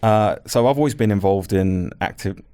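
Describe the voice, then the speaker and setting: A man's voice: lowish voice, normal speed, dark tone, smooth. A British man, a podcast guest, speaking earnestly and giving advice from his own experience. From Britain. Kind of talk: casual chat.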